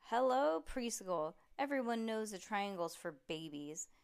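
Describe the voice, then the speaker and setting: A woman's voice: medium pitch, animated, measured pace, vocal fry, smooth. A woman voicing an eager, chatty young schoolgirl in a storybook reading. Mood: excited.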